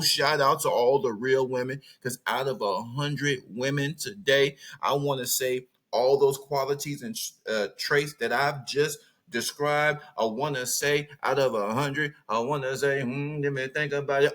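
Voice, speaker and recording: A man's voice: mid-range voice, unhurried, hardly any pauses, a loud crowd, heavy background noise. A man from California with a Southern US accent, hosting a podcast in an emphatic, repetitive, preachy monologue. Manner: emphatic, repetitive, rants with bursts of laughter. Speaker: podcast host.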